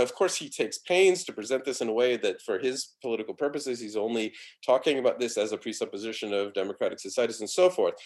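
A middle-aged man giving an academic philosophy lecture, talking in a discursive way full of restarts and fillers. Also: on the low side.

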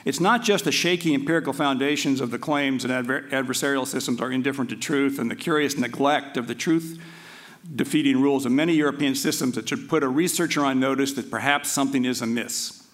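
A man's voice: medium pitch, fairly bright tone. Male law lecturer, academic talk, hesitant with frequent fillers, chatty asides. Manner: halting, with frequent restarts and filler words; aside-prone and conversational.

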